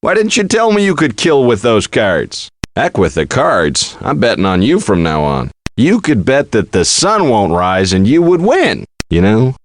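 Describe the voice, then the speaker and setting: A man's voice: mid-range voice, a bit bright, slight background noise. An actor playing a brash, joking male poker player in a card game, gloating and laughing between quips. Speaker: game character. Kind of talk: game voice clips.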